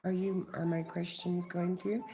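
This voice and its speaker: A woman's voice: lowish voice, flat delivery, a little slow, dark tone. A middle-aged woman hosting a casual livestream, chatting with viewers and swearing freely. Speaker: livestream host.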